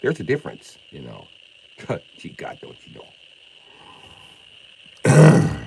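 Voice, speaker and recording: A middle-aged man from Illinois ranting on a live stream, confrontational and profane, swinging from loud outbursts to mock calm. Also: medium pitch, slow, vocal fry, long pauses, a little hiss or hum, poor audio. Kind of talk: heated live-stream rant.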